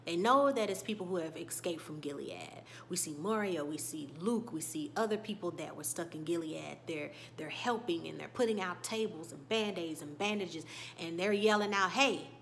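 Animated woman recapping a show. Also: fairly low pitch, gravelly, a little hiss or hum. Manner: animated storytelling, swings between loud bursts and hushed whispers; emotional, reacts to scenes. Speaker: YouTube TV recap host. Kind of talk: casual episode recap.

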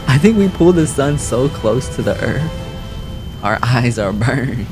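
A young man doing lively game commentary, laughing often and jumping high in pitch when excited. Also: a little slow, music in the background. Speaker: gaming YouTuber.

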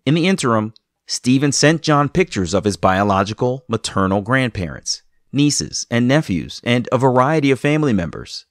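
A man hosts a podcast and narrates a guest's story in measured, scripted passages. His pitch moves lively up and down. The recording is dry and close to the mic. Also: no room sound. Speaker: podcast host.

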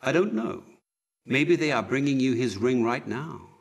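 A man's voice: medium pitch, animated, measured pace, creaky, voice pushed up. A man doing a solemn court physician. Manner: quiet, solemn counting. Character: grave male court physician, solemn and sad.

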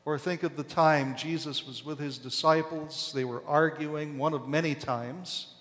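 A man preaching a sermon as pastor, slow and deliberate, leaning hard on key words. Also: fairly high pitch, steady tone, fairly bright tone. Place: large church sanctuary. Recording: long echo of a church hall.

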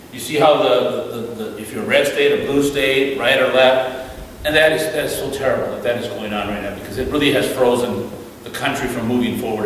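A man giving an animated storytelling talk as a guest speaker at a church, acting out the voices in his stories. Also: mid-range voice, a little hiss or hum. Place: church hall. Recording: echoey hall from far off, faint ambience.

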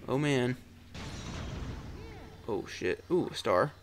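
A man's voice: mid-range voice, animated, normal speed, gravelly. A young man hosting a let's-play, muttering, exclaiming and swearing at the game as he plays, with faint game music behind him. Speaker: gaming channel host. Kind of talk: casual let's-play commentary.

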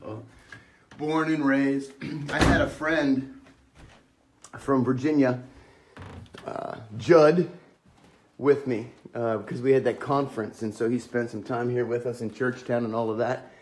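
Speaking in a steady, mid-range voice at a measured pace with long pauses, this man is a pastor from small-town Pennsylvania, USA. It's a casual walk-and-talk vlog shot on a handheld camera, starting outside on the church grounds and moving into a sanctuary, and he keeps joking at his own expense. A little hiss or hum sits under the audio.

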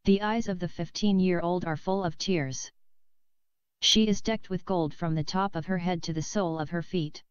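Woman reading a novel aloud, measured, very clear voice, slightly muffled lo-fi sound. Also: lowish voice, steady tone, no room sound. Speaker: audiobook reader. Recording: slightly dull lo-fi recording.

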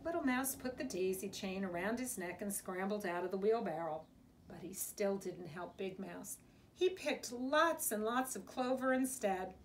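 A woman's voice: medium pitch, moderate pace, slight background noise. A woman, a preschool teacher, reading a picture book aloud to young children in a sing-song storytime manner.

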